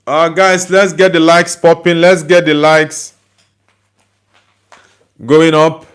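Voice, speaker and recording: A man's voice: fairly high pitch, level tone, slow pace, a bit bright, smooth. Nigerian man hosting a chatty livestream. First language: Igbo. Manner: reads out viewer comments and replies chattily. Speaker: host. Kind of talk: casual livestream chat.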